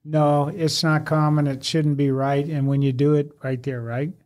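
A man with a slightly high voice chats casually on a podcast. He tells a fire-station story with energy and acts out each quoted line. He has the plain, direct way of talking of a veteran fire captain. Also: moderate pace. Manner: animated storyteller who acts out quoted dialogue.

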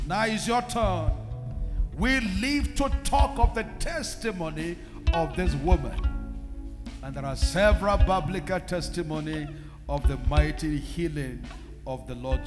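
A male preacher delivers a fervent sermon, shouting out calls and then dropping to a hush. His voice sits high and swings widely, with a gravelly edge. He is heard in a reverberant church hall with faint music underneath. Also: sing-song, a little slow. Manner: fervent, shouting exhortations with sudden hushed drops.

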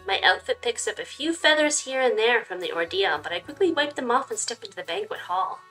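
A woman's voice: fairly high pitch, animated, a little fast, bright, forceful tone, faint music behind. A young woman hosting a game playthrough, chatting casually and reading aloud in a giggly way, full of likes and you-knows. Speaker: gaming channel host.

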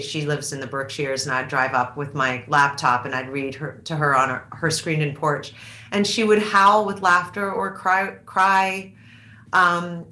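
In a roomy-sounding onstage interview, an author in her fifties talks candidly with a deep voice and sharp tone. She reflects as she goes, hesitating and frequently starting sentences over.

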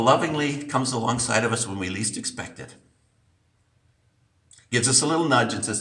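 Male preacher, emphatic sermon, lively pitch, recorded far off in a roomy hall. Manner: emphatic, repeating for stress. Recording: echoey church from a distance.

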